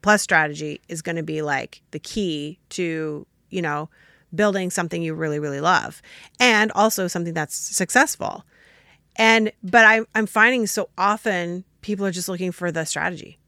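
A woman hosts a podcast with a low, gravelly voice that still sounds bright and forceful. She speaks emphatically, like a coach, and the sound is dry and close with no room around it. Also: normal speed, dry recording. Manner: emphatic and coaching, often acts out other people's quoted lines. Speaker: podcast host. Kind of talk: casual podcast chat.

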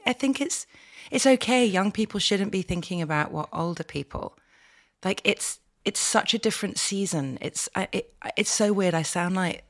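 A middle-aged woman co-hosting an advice podcast in casual chat, animated and quick to laugh. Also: lowish voice, creaky. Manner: animated, laughs often, acts out quotes. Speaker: podcast co-host.

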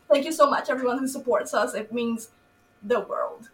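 A woman actress chatting in an interview, excitable and laughing as she retells stories and acts out quotes. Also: fairly high pitch, moderate pace, slight background noise, low-quality recording. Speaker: actress in the film. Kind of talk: casual interview chat.

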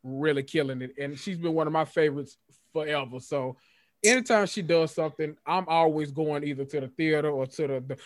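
A man co-hosting a podcast, chatting casually in a slangy, animated way and laughing easily. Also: on the high side, a little fast, no room sound, studio quality. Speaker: podcast co-host. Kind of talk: casual chat.

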